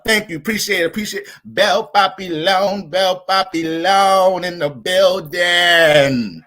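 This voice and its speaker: Hyped high-voiced male livestream host. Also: low-quality recording. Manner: hyped, profane, shouting out viewers. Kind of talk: casual livestream chat. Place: family home.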